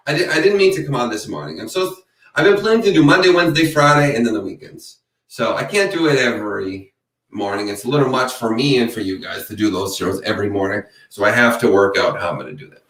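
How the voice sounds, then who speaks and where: A man's voice: medium pitch, animated, fast, fairly bright tone. A man hosting a true crime channel, giving a casual, rambling live-stream sign-off and reading out viewer chat. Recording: roomy sound from a distance.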